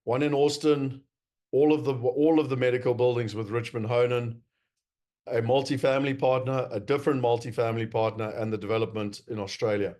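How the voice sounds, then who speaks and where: A man's voice: medium pitch, a little fast. South african guy giving an investor talk, emphatic and wry, lots of ums. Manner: animated, emphatic, wry, with fillers. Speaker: speaker presenting to investors. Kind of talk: presentation talk.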